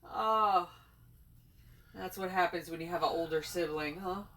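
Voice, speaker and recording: A woman's voice: lowish voice, measured pace, a bit bright. A woman casually telling a funny family story to her co-host, laughing easily. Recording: distant mic with faint noise.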